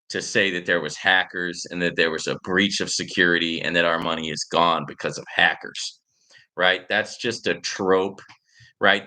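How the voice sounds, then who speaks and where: This man's voice sits low, with a bright, forceful tone. He hosts a casual livestream, answering viewer comments while rambling and tagging his points with "right?" and filler words.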